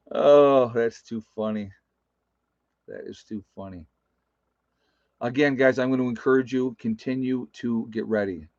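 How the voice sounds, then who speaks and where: A man's voice: mid-range voice, steady tone, moderate pace, long pauses, a little mellow, dry recording, dull audio. A man hosting a casual livestream, reading out viewer comments and chuckling often. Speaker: livestream host.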